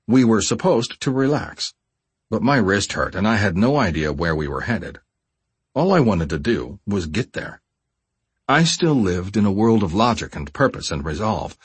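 A man reading a first-person memoir audiobook in a measured, expressive storytelling voice. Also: lowish voice, breathy edge, dry recording. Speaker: audiobook narrator.

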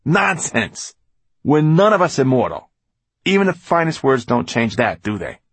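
A man's voice: medium pitch, sing-song, normal speed, breathy edge, no echo, pitched above the performer's own voice. A man voicing a passionate, mocking old male storyteller who argues with fervor. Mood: impassioned. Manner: impassioned, mocking.

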